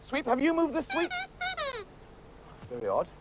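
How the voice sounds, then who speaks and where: A man presenting a children's TV show, cheerfully coaxing and chatting to puppets in a lively scripted way. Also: extremely high pitch, unhurried, noisy background.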